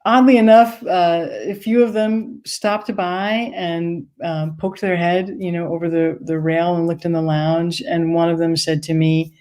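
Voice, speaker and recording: A woman's voice: on the low side, steady tone, measured pace, hardly any pauses, darkish tone. A woman from Maine telling a wry, conversational personal story on stage. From United States, Maine.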